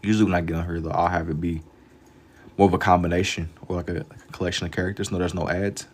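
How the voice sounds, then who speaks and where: A man's voice: low-pitched, little pitch movement, fast. A young man casually chatting with his live-stream viewers while drawing, laid-back and full of slang. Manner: laid-back slang-heavy banter, reads chat aloud.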